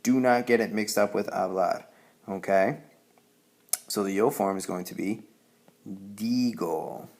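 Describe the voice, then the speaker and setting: A man's voice: lowish voice, unhurried, long pauses, darkish tone. A man teaching a Spanish grammar lesson, patient and explaining step by step, often checking in with "okay?".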